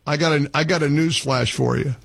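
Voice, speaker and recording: Husky blunt talk radio host. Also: male voice, on the high side, steady tone, fairly quick, no room sound. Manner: blunt, incredulous, sarcastic. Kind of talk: talk radio with live reads.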